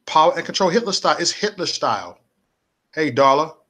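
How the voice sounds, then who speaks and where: A man's voice: on the high side, expressive, a little fast, a bit bright. A man hosting a casual political livestream, speaking in a repetitive, preachy, rallying way and answering viewers' comments.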